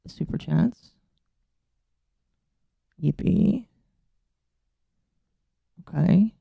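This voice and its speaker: A woman's voice: fairly low pitch, animated, extremely slow, vocal fry, breathy edge, no echo, lo-fi sound. A woman VTuber streamer chatting casually to her live audience, flustered and exasperated as she fiddles with her settings and talks to herself.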